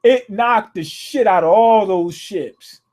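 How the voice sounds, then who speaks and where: A man hosting a live manga reaction, reading panels aloud with restarts and cursing excitedly at what happens. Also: sits high, slow. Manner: profane, excitable, rereads lines aloud with many restarts.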